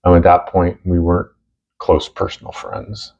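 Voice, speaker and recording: A middle-aged man co-hosting a casual chat, talking in a halting, heartfelt way with many fillers and restarts. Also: sits low, flat delivery, creaky, darkish tone, a little hiss or hum. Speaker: co-host. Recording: dull lo-fi recording.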